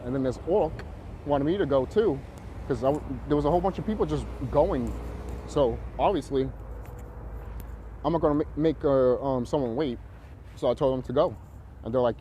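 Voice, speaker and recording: Male vlogger, rambling combative rant, heavy swearing, low warm tone. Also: brisk, slight background noise. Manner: profane, confrontational, full of fillers.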